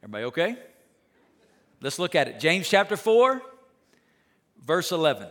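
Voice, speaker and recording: A man preaching a sermon as pastor, emphatic, swinging from loud declarations to hushed asides, joking with the congregation. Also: a little high, big pitch swings, moderate pace.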